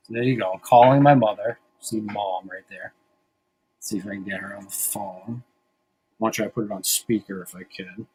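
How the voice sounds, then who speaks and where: Husky-voiced podcast host, rambling and profane. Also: male voice, mid-range voice, a little fast. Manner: rambling, profane, self-mocking. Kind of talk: casual podcast banter.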